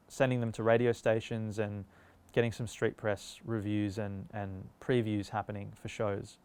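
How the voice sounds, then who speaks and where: A man's voice: lowish voice, smooth. A middle-aged man who founded a record label, recounting anecdotes in a documentary interview and acting out the dialogue of the people in them. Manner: animated anecdote-telling, acting out quoted dialogue.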